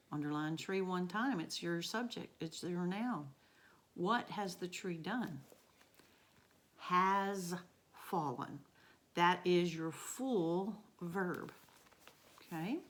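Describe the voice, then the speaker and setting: A woman's voice: on the low side, a little mellow. A woman teacher, walking students through a grammar lesson by asking and answering her own questions. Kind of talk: recorded remote grammar lesson.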